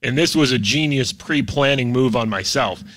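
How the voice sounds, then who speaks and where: A man with a bright, forceful voice hosts a morning radio show from his home and keeps breaking into cough-laden chatter. The sound is close and dry, and he shifts into mock promo announcing as he jokes. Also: mid-range voice, moderate pace, dry recording. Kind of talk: casual radio chat from home.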